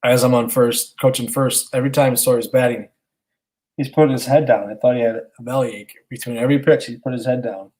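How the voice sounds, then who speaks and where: A man's voice: mid-range voice, fairly even intonation, fairly quick, darkish tone. A man in his thirties, a stay-at-home dad co-hosting a podcast, telling a long story in casual chat with many restarts. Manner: rambling, earnest, many restarts. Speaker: podcast co-host, father.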